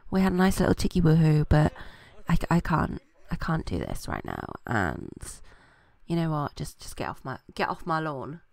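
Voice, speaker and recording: A woman's voice: low-pitched, big pitch swings, moderate pace, creaky, a little mellow, no echo, heavily acted. Woman doing a brash dismissive game mum. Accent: British. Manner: curt, brushing people off.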